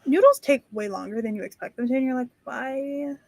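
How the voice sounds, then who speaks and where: A woman hosting a casual writing-sprint stream, chatty and quick to laugh and apologize. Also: on the high side, sing-song, a little mellow, dry recording. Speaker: stream host.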